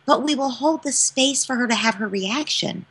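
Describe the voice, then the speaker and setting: A woman parenting expert answering interview questions in an emphatic, expressive coaching tone. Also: high voice, normal speed, breathy edge.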